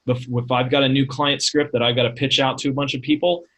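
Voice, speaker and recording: A man, a talent manager, giving casual advice on pitching in a webinar over a video call, talking conversationally with many fillers and rhetorical questions. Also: little pitch movement, quick pace, a bit bright, low-quality recording. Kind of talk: casual instructional talk.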